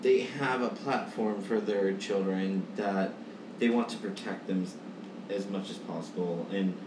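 A man's voice: deep voice, fairly even intonation, measured pace, noisy background. Distant man in an echoey room. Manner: sincere, emphatic. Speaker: co-host. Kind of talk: casual chat.

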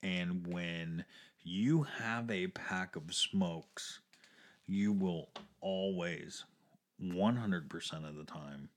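A man's voice: deep voice, extremely slow, slight background noise. A man in casual conversation, telling a story with frequent laughs, fillers and restarts. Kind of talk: casual chat.

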